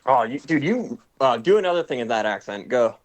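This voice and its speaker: A man's voice: mid-range voice, sing-song, a little fast. A young man hosting a casual stream chat, joking with slang and laughing often. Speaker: streamer host.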